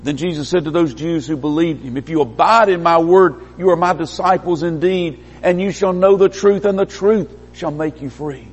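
A slightly husky male preacher gives a sermon in a church hall at a moderate pace with few pauses, swinging from emphatic highs down to quiet lows. A long reverb follows his words, and the high frequencies are cut off.

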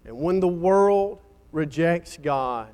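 A man's voice: a little high, lively intonation, takes it slowly, a little mellow, smooth. A man preaching a sermon in a dramatic style, building up and then falling nearly silent at the ends of phrases.

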